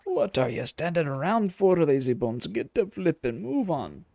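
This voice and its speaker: A man's voice: fairly high pitch, very animated, moderate pace, vocal fry, mellow. A man voicing a cheeky little male fairy from a game, with a lilt and slangy, teasing talk. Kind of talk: game dialogue read-aloud.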